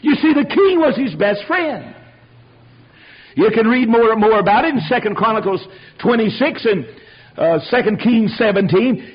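High, animated preacher man, lo-fi recording. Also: normal speed, breathy edge. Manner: animated storytelling with rhetorical asides. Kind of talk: sermon. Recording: dull lo-fi recording.

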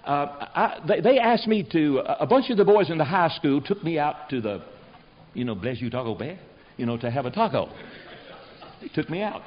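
A man's voice: on the high side, sing-song, fast talker, slight background noise. An older man, a preacher, telling stories as a guest on a talk show, in a folksy and emphatic way that repeats phrases for effect. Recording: dull lo-fi recording.

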